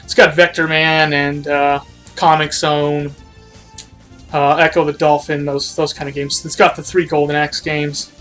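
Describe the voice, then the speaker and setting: A man with a slightly raised pitch talks loosely over his gameplay, picking apart his own mistakes and letting sentences trail away. He sounds a little winded, and faint game music plays underneath. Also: flat delivery, unhurried, sharp tone. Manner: rambling, self-critical, trailing off. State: out of breath. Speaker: game streamer. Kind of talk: casual live-stream commentary.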